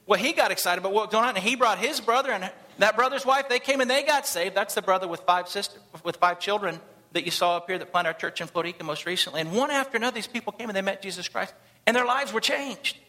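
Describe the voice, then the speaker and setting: A man preaches to a congregation, telling his story quickly and with a lot of energy. His voice sits high and sounds bright and forceful. He slips into the voices of the people in his story as he tells it. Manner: animated, acts out quoted voices. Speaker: missionary pastor. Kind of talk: sermon storytelling. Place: church service.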